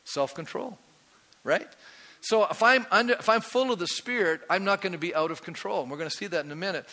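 A man preaching from the pulpit with a bright, forceful, slightly high voice that carries across a large church. He keeps turning to the congregation with questions, and a long reverb tails off every phrase. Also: brisk. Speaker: pastor. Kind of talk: sermon.

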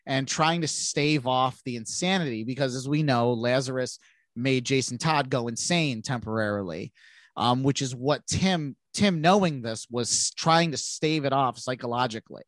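A man with a nasal voice chats casually about comic books as a podcast co-host. He rambles, restarts sentences and fills gaps with "you know" and "um". His voice is mid-pitched and sits dry and close to the mic. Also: no echo. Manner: rambling, many restarts and fillers. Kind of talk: casual comic book chat.

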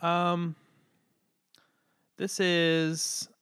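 A man's voice: a little high, very slow, clean tone. Easygoing man giving a comic review. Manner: relaxed, laughs often, hesitant fillers. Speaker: podcast co-host. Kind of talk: casual review chat.

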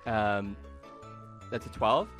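A man's voice: on the low side, slow pace, soft background music. Giggly young man running a tabletop game. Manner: giggly, filler-heavy, lively. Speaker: game master.

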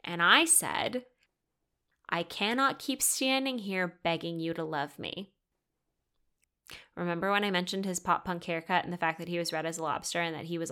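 A young woman hosts a podcast on her own and tells a personal story. She speaks candidly, swears freely and acts out the dialogue. Her voice is bright and clear. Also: on the low side. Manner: candid, swearing, animated retelling with quoted dialogue. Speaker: podcast host. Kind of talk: solo storytelling chat.

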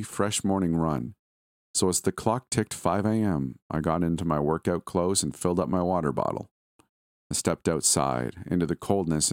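A man with a very low voice narrates a scary story in a calm, measured way. The sound is dry and close, with no room around it. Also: dry recording. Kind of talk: scripted narration.

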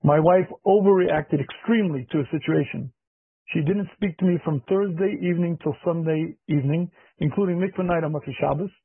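A man teaching a marriage class as a rabbi, husky and throat-clearing, emphatic, repeating key lines and acting out conversations, recorded with a thin, phone-like sound. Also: on the high side, fairly quick, no room sound. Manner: emphatic, repeats key phrases, acts out dialogue. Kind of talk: lecture.

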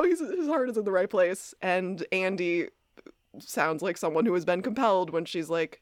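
Chatty woman podcaster, low voice. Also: expressive, moderate pace, no echo, clean studio sound. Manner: chatty, acts out quotes, laughs often. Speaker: podcast co-host. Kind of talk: casual chat recapping a TV episode.

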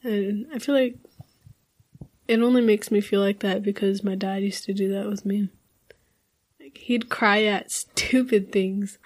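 A woman's voice: medium pitch, steady tone, measured pace, long pauses. A young woman chatting casually in a group. She rambles through personal stories with lots of fillers. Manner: rambling, many fillers, laughs often. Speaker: group chat participant.

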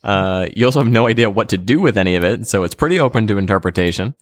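A man co-hosting a comedy podcast, presenting an absurd idea in a dry, deadpan way. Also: lowish voice, quick pace, no room sound. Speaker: podcast co-host. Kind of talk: deadpan comic pitch.

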